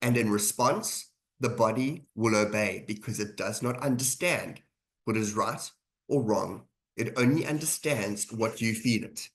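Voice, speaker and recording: A man's voice: fairly low pitch, measured pace. A man presenting an online leadership webinar in a conversational lecturing manner, repeating key phrases for emphasis. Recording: webinar audio.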